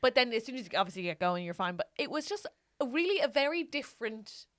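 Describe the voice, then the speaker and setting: A woman co-hosting a casual comedy podcast, telling a story with animated energy, laughing and swearing as she goes. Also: fairly high pitch, fast talker. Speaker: podcast co-host.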